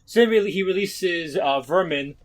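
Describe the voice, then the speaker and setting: A man with a fairly high-pitched voice chats loosely about a comic story, tripping over his words and starting sentences again as he retells scenes. He is one of the regular hosts of a casual podcast. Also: normal speed. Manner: rambling, restarts, reads comic narration aloud. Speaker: podcast co-host. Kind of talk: casual comic book discussion.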